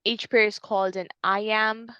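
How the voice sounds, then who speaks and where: A woman tutor talking a student through a poem, explaining with everyday fillers and restarts. Her voice is dry and close, with no room sound. Her pitch sits in the middle. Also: flat delivery, a little slow, fairly bright tone, clear, resonant tone, dry recording, dull audio. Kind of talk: online tutoring lesson.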